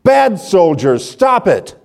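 A man voicing a frantic three-year-old girl who shrieks in high cries. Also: big pitch swings, takes it slowly, gravelly, full character voice.

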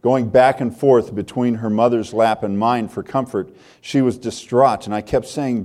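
A man's voice: medium pitch, moderate pace, hardly any pauses, dark tone. An older man preaching a sermon, reading a story aloud in an earnest, heartfelt way.

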